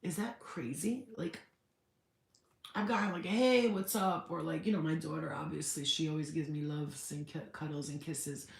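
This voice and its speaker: A woman's voice: low voice, steady tone, normal speed, gravelly, echoey room. A woman hosting a spiritual livestream, chatting candidly, swearing freely and answering viewer comments. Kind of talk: casual livestream chat.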